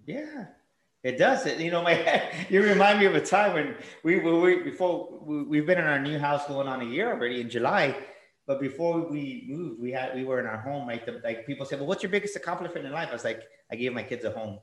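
A man's voice: fairly high pitch, animated, brisk, fairly bright tone, echoey room. A middle-aged man, a guest and father, telling stories in a casual conversation and acting out the voices he quotes.

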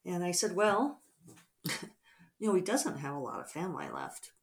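A middle-aged woman author talking casually over morning coffee, reflective and rambling with soft fillers. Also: on the low side, huge pitch swings, a little fast.

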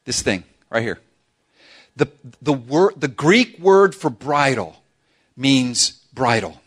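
A middle-aged man preaching a sermon to a church congregation, humorous and animated, acting out quoted voices. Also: mid-range voice, takes it slowly. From South Florida. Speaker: pastor.

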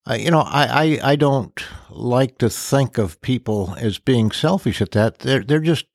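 Older man speaking measured and thoughtful. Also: mid-range voice, vocal fry, dry recording, clean studio sound. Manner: measured, thoughtful, with pauses and fillers. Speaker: minister and podcast guest. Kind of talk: casual podcast interview.

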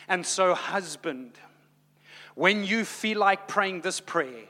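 Bright-voiced male preacher in reverberant hall. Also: on the high side, slow pace. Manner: dynamic preaching, swings from soft to loud. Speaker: pastor. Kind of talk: sermon.

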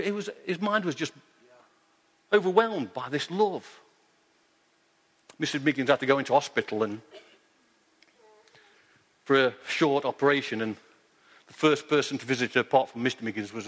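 A man preaching to his congregation in a slightly high voice, telling stories earnestly and hammering home his point. His words ring out with the long reverb of a large hall. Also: a bit bright. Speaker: pastor. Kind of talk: sermon.

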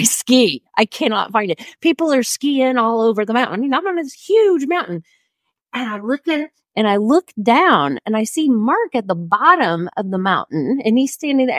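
A middle-aged woman co-hosting a podcast, telling a story in an animated way, laughing often and breaking off her own sentences. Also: a little high, moderate pace, dry recording. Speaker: podcast co-host. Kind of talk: casual storytelling.

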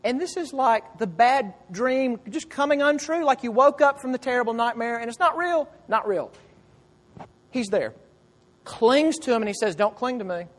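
A man's voice: very high voice, expressive, moderate pace. A male pastor delivering a sermon in a conversational storytelling way, often asking the listeners rhetorical questions. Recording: long reverb of a large hall.

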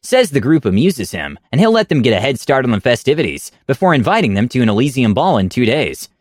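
A man narrating a story with an animated, wide-ranging pitch and wry, deadpan asides. His voice sits at a middle pitch and sounds close and dry, with no room around it. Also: quick pace, dry recording. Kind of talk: reading a story aloud.

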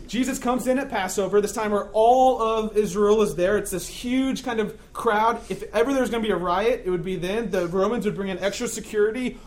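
A male pastor giving a conversational sermon, joking often and checking in with his listeners. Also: sits high.

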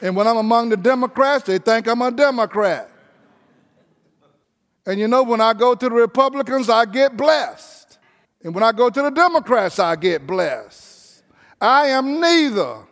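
Pastor preaching, pretty high voice for a guy, folksy and punchy, long echo like a big church. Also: lively intonation, fairly bright tone. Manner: folksy, emphatic preaching with drawn-out phrases. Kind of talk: sermon.

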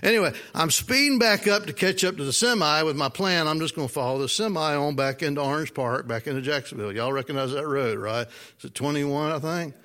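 A man preaching a sermon, telling a personal story in a folksy, animated way and asking the congregation questions. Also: fairly high pitch, brisk. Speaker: pastor.

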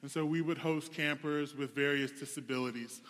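A young man preaches in a relaxed, candid storytelling manner, his voice sitting a touch high for a man. The sound carries a long reverb, as if in a large hall. He talks to the congregation like he's chatting with friends. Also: moderate pace. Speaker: pastor. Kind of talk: sermon.

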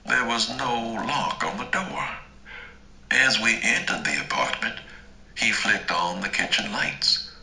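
A man narrating a first-person story in a slow, dramatic, deliberate way. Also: fairly low pitch, expressive, sharp tone, echoey room, poor audio. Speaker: audiobook narrator.

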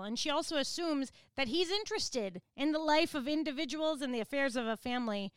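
Woman Bible teacher, earnest, explanatory, clear smooth voice, dry close sound. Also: a little high, no room sound.

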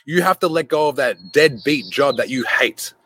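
A young adult man hosting a podcast, telling a casual story full of cursing, who jumps into quick voices for the people in his anecdote. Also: mid-range voice, husky, dry recording. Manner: animated, swears freely, acts out voices in anecdotes. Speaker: podcast host.

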